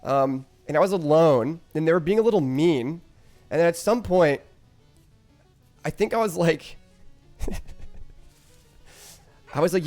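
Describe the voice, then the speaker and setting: A man's voice: on the high side, normal speed, pauses often, soft background music. A man streaming live, telling a rambling story to his chat, swearing freely and often breaking into laughter.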